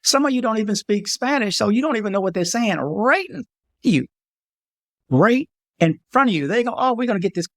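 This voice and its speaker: Man, casual vlog monologue, emphatic warnings, slightly high voice, dry close mic. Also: creaky, no echo. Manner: emphatic, repeats warnings, animated asides. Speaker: travel vlogger.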